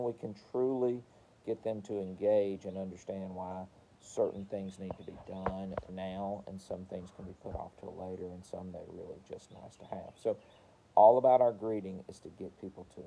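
A man's voice: sits low, vocal fry, mellow, a little hiss or hum, rough recording. A man coaching service technicians in a casual training talk, repeating key phrases and acting out customer conversations. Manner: repeats phrases, role-plays customer dialogue.

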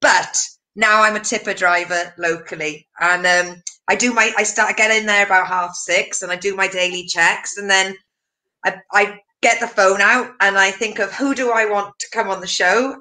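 A woman's voice: mid-range voice, fairly even intonation, normal speed, pushed and bright. A woman chatting casually, blunt and jokey, with a bit of swearing. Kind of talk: casual chat.

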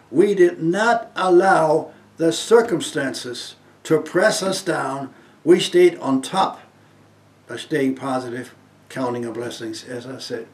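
A man in his eighties from Germany, giving an earnest inspirational testimony as a guest speaker and swinging between loud emphasis and soft hushed phrases. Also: medium pitch, roomy sound.

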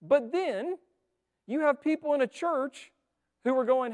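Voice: high voice, expressive, unhurried, long pauses. Earnest preacher in a reverberant church. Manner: earnest, conversational preaching with rhetorical questions. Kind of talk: sermon. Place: church sanctuary. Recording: long reverb of a church hall.

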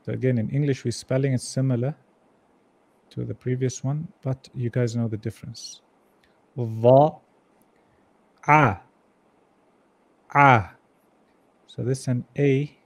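A man's voice: mid-range voice, steady tone, brisk, creaky, dark tone, husky. A man teaching an online Arabic reading class, patiently sounding out each syllable and repeating it for his students.

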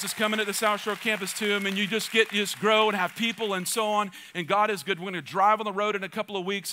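A man's voice: sits high, sharp tone, slight background noise. A male pastor preaching a sermon with energy, joking asides and calls to the congregation. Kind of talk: church sermon.

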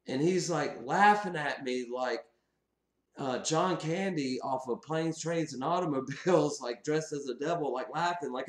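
A man hosting his own channel, casually recounting a dream to viewers with lots of laughter and lively bursts. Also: fairly high pitch, moderate pace, reverberant. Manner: animated, laughs often while recounting. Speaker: channel host. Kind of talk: casual storytelling to camera.

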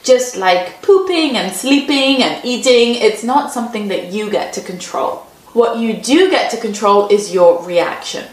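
Woman parenting coach, calm and measured, slightly gravelly voice, echoey room. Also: fairly high pitch. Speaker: parenting educator. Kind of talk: advice talk to parents.

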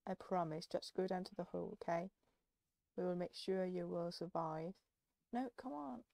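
Playful woman host for game commentary, low-warm timbre with some fry, dry mic. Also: normal speed, dry recording. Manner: playful, coaxing, baby-talks to animals. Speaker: gaming channel host. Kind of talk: casual let's play commentary.

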